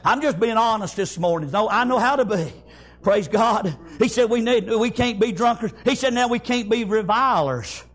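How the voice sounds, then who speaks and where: A man preaching a fiery sermon, shouting in bursts and repeating "praise God" and "amen". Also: high-pitched, lively intonation, normal speed.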